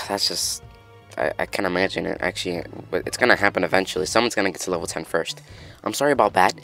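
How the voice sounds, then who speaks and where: A man with a lowish voice runs through game patch notes in a casual, excitable way. He rambles and stumbles over his words, restarting sentences as he goes. Faint music plays underneath. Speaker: gaming news host. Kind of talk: casual game update commentary.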